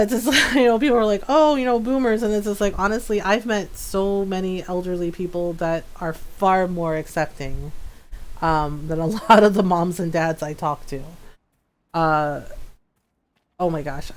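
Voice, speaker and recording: A woman streaming a game, chatting casually with viewers, telling stories and laughing often. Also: medium pitch. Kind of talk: casual gaming stream chat.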